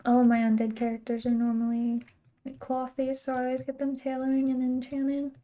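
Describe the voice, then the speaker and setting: A young American woman chats her way through a game stream, drifting from one aside to the next and laughing often. Her voice sits a little high but sounds soft and mellow. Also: monotone, fairly quick, highs cut off. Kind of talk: casual chat while gaming.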